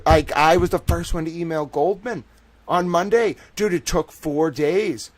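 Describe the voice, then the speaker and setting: Young guy streamer going off, swears a lot, yells then mutters, kinda high voice. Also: moderate pace. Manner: swings between shouting outrage and muttering; profane, emphatic. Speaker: livestream host. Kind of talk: excited livestream rant.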